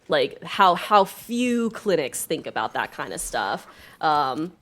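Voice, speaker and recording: A nonbinary streamer talks in a loose, rambling way, stacking up fillers as the thoughts come. The voice sits at a middling pitch but swings up and down with a lively, animated lilt. It sounds like an earnest, casual chat from a home streaming setup. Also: slow. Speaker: livestreamer. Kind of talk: casual chat while playing a game.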